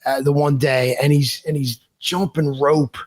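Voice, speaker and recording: Male podcast co-host, fairly high voice, halting and repetitive, easygoing chat. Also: little pitch movement, a little mellow. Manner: halting, repeats words, lots of fillers. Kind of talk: casual chat.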